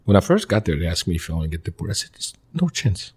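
A man, a guest in an interview, telling his life story in earnest, halting fragments with many restarts. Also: deep voice, sing-song, breathy edge. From Mali. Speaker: interview guest, former pro soccer player. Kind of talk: personal storytelling in a conversational interview.

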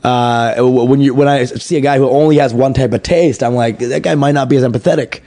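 A man, a stand-up comedian, chatting on a podcast in an animated way, swearing freely and tripping over his words. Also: medium pitch, a little fast, dry recording. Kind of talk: casual podcast conversation.

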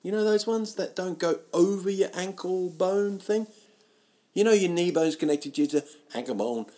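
A man hosting a solo podcast, rambling through silly tangents in a self-mocking way with sudden loud outbursts. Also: high voice, normal speed. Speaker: podcast host. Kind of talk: rambling solo comedy chat. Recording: home podcast mic, uneven sound.

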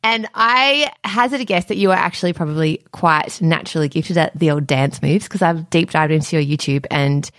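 A woman's voice: deep voice, a little fast, few pauses, a bit bright, dry recording. A woman hosting a casual interview, chatty and enthusiastic, laughing easily. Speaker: podcast host.

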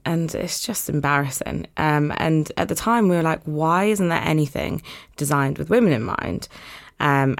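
Young woman, deep for a woman, casual podcast guest, cheerful, chatty. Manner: upbeat, laughs often, many fillers. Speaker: podcast guest, condom brand co-founder. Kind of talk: casual interview chat.

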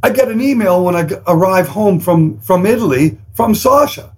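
A man's voice: high-pitched, moderate pace, husky, low-quality recording. A man, a rock musician telling stories as a guest in an interview, acting out other people's lines and swearing freely. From Canada. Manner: animated storyteller who acts out quotes in different voices and swears freely. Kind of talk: storytelling in a podcast interview.

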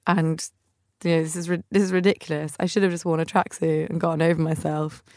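A woman's voice: sits low, flat delivery, fairly quick, darkish tone, no room sound, clean studio sound. A young woman hosting a podcast, telling funny travel stories in a chatty, self-mocking way and putting on family members' voices. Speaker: podcast host. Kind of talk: casual storytelling monologue.

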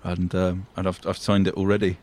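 A man from England co-hosting an improvised comedy sketch, delivering deadpan, stammering banter. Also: deep voice, brisk. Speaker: comedy podcast co-host.

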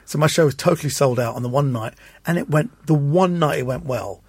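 A man guest telling animated anecdotes in an interview, acting out the voices of people in his stories. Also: fairly high pitch, a little fast, husky, no room sound. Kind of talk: anecdotal storytelling.

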